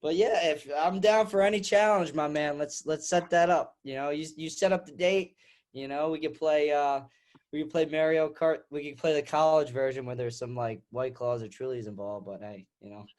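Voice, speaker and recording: A man's voice: on the high side, steady tone, normal speed, a little mellow. A young man, a wrestler guest, chatting casually and telling stories with frequent laughs. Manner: laid-back, laughing storyteller. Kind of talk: casual interview chat.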